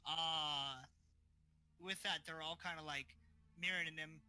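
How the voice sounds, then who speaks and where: A man's voice: on the high side, steady tone, a little slow, pauses often, bright, forceful tone, clear, resonant tone. A man narrating as game master of a tabletop game, casual and full of fillers. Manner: casual, filler-heavy narration with voiced characters.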